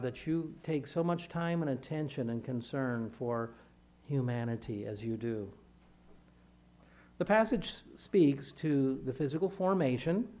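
A man delivering a sermon as a pastor, speaking in measured phrases and lifting his voice when he reads scripture aloud. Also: medium pitch, darkish tone.

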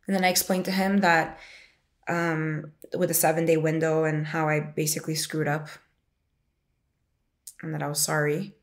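A young woman in her twenties with a low, gravelly voice tells her own story in a loose, rambling flow. She stumbles through restarts and fills her sentences with "like." Her retelling carries plain emotion. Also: level tone, moderate pace, pauses often. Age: 20s. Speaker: interviewee sharing a personal story. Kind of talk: casual personal storytelling.

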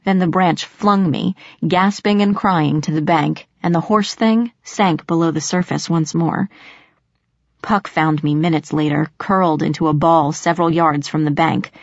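A woman reading a first-person fantasy audiobook in steady, measured storytelling narration. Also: deep voice, dry recording, lo-fi sound.

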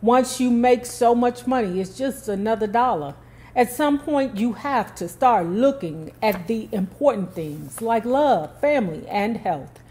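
An excited, pushy brother, as a woman reads him out urges others on with insistence. The voice sits a little higher than her plain narration and pushes hard on the words. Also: a little slow. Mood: urgent. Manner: urgent, insistent.

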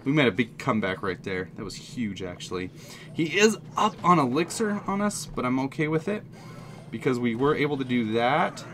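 A man giving excited, jokey running commentary on his own mobile game, talking straight to his viewers. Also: medium pitch, moderate pace, soft background music. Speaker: gaming channel host. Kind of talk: live gameplay commentary.

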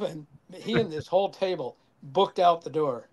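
A man's voice: fairly high pitch, a little fast, hardly any pauses. Older man, raised voice, chatty storyteller guest who acts out the quotes. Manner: animated anecdotes with acted quotes and chuckles. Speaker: former band member guest. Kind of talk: casual storytelling interview.

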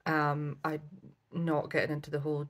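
A woman's voice: low-pitched, little pitch movement, normal speed. A woman chatting casually through a craft haul, with lots of ums and asides. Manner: chatty, many ums, self-correcting. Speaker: craft vlogger. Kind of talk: casual show-and-tell haul.

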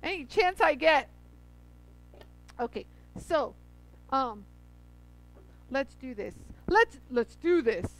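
A woman's voice: sits high, big pitch swings, slow pace, long pauses, poor audio. A woman hosting a casual livestream, chatty and effusive, greeting viewers by name as she demos grinding a stone. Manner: laughs often. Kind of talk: casual livestream chat and demo.

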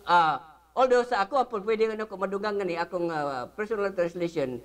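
Speaking in a high register, a man leads a Bible lesson in church using a blend of Cebuano and English. Filler-laden pauses come often, and he gives the scripture readings real force.

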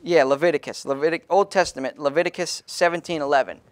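A man's voice: fairly high pitch, steady tone, fast talker. A man preaching an emphatic sermon as pastor in a small church, calling on the congregation to read verses aloud.

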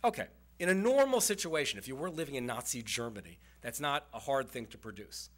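Male historian, public lecture, conversational explainer, mid-pitched voice. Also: lively intonation, a little fast. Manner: conversational, explanatory, with fillers and asides. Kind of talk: lecture with slides. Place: community center presentation.

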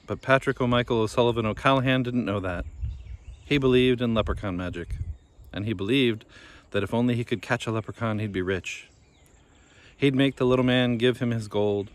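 A man reading a children's fairy tale aloud in a gentle, measured storytelling manner. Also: medium pitch. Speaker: storybook reader.

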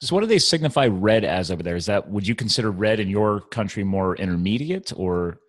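A man's voice: on the low side, animated, a little fast, dry recording. A man hosting a podcast, chatting with a guest in an enthusiastic, rambling way. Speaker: podcast host. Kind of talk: casual interview chat.

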